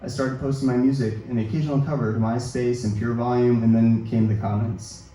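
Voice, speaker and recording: A man in his thirties reading his own personal essay aloud at a literary event, in a measured, self-deprecating way. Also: medium pitch, fairly even intonation, warm tone. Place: event hall at a book release reading. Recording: echoey hall, distant mic, faint noise.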